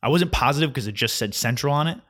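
A man's voice: medium pitch, lively intonation, fast, a bit bright. A man in his twenties ranting casually about his weekend in a sarcastic, mocking way, with many fillers. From New Jersey. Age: 20s. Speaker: vlogger.

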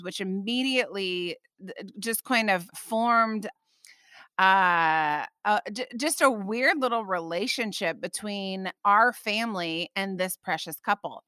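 Podcast host, woman in her thirties. Bright, lively storyteller, close and dry. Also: mid-range voice, dry recording. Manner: animated, lively storyteller with frequent "okay?" asides. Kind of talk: casual storytelling.

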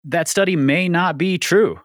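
A man's voice: a little high, a little slow, dry recording, clean studio sound. A man hosting a podcast, explaining things earnestly with frequent ums and easy laughs. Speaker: podcast host. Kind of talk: casual podcast discussion.

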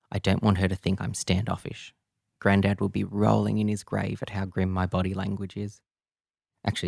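A man tells a first-person audio drama in an intimate, raw and confessional voice. His voice is low and gravelly, recorded close and dry with no room around it. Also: a little mellow, no room sound. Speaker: narrator.

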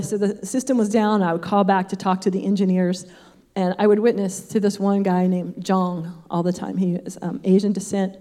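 Mellow older woman teaching Bible. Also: mid-range voice. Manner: chatty, with personal asides.

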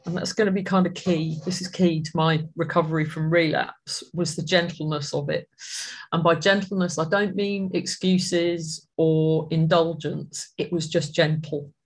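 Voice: mid-range voice, breathy edge. Earnest, reflective recovery-meeting speaker. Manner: earnest, reflective, halting with restarts. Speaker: recovering member sharing at a support meeting. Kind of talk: personal recovery share at an online meeting.

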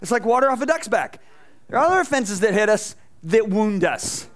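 A man preaching a lively sermon in a high, bright voice. He tells stories and acts out voices along the way, swinging from loud bursts to soft asides as he talks to the congregation. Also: a little fast. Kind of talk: energetic sermon with stage demonstration. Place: church stage before a congregation.

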